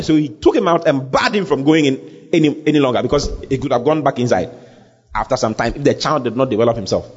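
A man's voice: mid-range voice, fast talker, breathy edge. A man preaching a sermon as pastor, repeating phrases and building emphasis. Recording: dull sound with long hall reverb.

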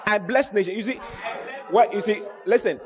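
A man's voice: high voice, normal speed, long reverb tail, over a noisy crowd, heavy background noise. A man, preaching a sermon with emphatic, repeating phrases.

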